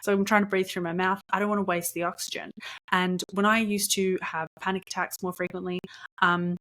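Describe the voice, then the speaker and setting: A young adult woman hosting her own podcast, telling a story in a chatty, animated way, laughing often and dropping in lots of ums. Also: fairly low pitch, a little fast. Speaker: podcast host. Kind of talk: casual storytelling monologue.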